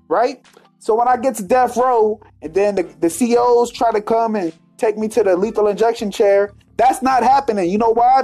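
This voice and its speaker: A man hosting a podcast, telling a comic story in a profane, animated rant. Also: very high voice. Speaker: podcast host.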